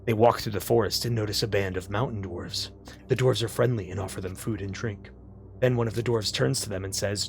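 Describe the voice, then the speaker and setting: A man hosting a live stream and reading an AI story aloud, excitable and swearing, swinging between loud bursts and mutters. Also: on the low side, a little fast. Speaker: streamer and game host.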